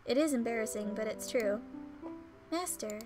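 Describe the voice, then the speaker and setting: A woman's voice: fairly high pitch, normal speed. A woman playing a visual novel as a Let's Player, reading it aloud with emotional, teary, swearing reactions. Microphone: home microphone. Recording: game music behind.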